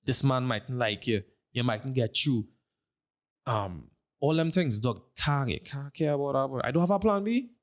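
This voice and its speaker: Young Trinidadian guy, brash and slangy, mid-pitched casual podcast guest. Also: lively intonation, normal speed. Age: 20s. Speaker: guest streamer.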